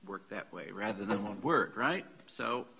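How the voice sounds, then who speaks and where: A man leading a Bible study class, slowly sounding out Greek words, repeating them and questioning his students. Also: lowish voice, expressive, vocal fry, pushed and bright, echoey room. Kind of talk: slow, explanatory Greek lesson. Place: church classroom.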